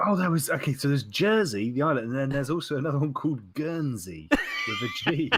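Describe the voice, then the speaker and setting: A man's voice: medium pitch, very animated, a little fast, a bit bright, a little hiss or hum. A man co-hosting a casual podcast, rambling and digressing, often laughing. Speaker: podcast co-host. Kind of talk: casual chat.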